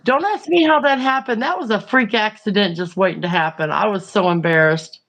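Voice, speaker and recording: A woman's voice: mid-range voice, fairly quick, a bit bright. A woman, hosting a livestream and chatting through a funny story with lots of fillers. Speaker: livestream host. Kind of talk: casual storytelling chat.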